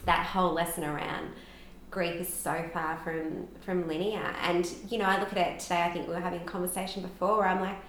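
A woman's voice: lowish voice, little pitch movement, brisk, fairly bright tone. Candid woman telling her story in a roomy space. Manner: frequent "like" fillers, open and emotional. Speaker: podcast guest. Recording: roomy echo with faint background noise.

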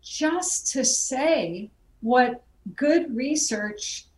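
A woman's voice: high voice, lively intonation, drawn-out words. A woman who is a guest filmmaker, speaking in a heartfelt, reflective way in an interview. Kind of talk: conversational interview. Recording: roomy and distant, faint background noise.

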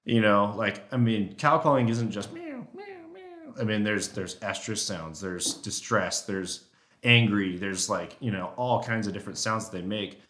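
Animated man telling hunting stories. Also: normal speed. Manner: animated storyteller who acts out elk talk in a high voice. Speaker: guest elk hunter and caller. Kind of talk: casual podcast conversation.

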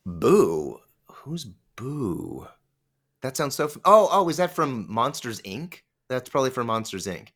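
A male voice actor chats casually as a guest, mid-pitched, rambling along with frequent restarts and stammers. He talks loosely and conversationally. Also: big pitch swings, fairly quick, few pauses, sharp tone. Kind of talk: casual interview chat.

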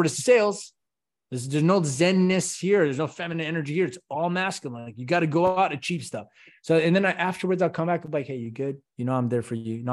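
Passionate man talking about leadership. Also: on the high side. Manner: passionate, animated, rhetorical questions. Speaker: podcast guest, company CEO. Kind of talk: conversational interview.

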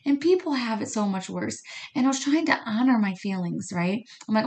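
A woman who works as a medium and card reader talks fast in a chatty podcast monologue, her voice on the high side, expressive and a little mellow. She keeps checking in with her listeners, tossing in "you know what I mean" and "right?" all the time.

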